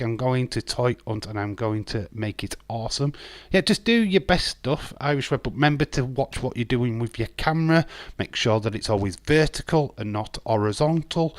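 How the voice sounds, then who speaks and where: An English man hosting a casual live stream, swearing bluntly and ranting, his voice hoarse. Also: medium pitch, no echo. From England.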